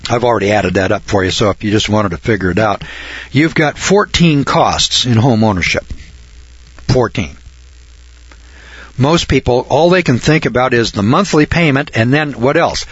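A man walks a class through a list of numbers in a folksy, sarcastic tone. His pitch sits in an everyday middle range, and he sometimes puts on mock amazement. The recording is dry and dull, with a lo-fi sound. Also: moderate pace, slightly rough, dry recording. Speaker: financial lecturer. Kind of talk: lecturing through figures.

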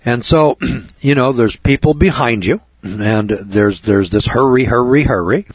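Husky man ranting on air. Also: medium pitch, a little slow, dry recording. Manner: indignant, repetitive, conversational. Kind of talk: rambling storytelling monologue. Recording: dull lo-fi recording.

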